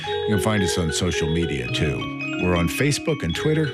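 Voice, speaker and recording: A man hosting a radio show, reading a smooth, measured scripted announcement. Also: low voice, very animated. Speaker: radio host. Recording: loud marimba music behind.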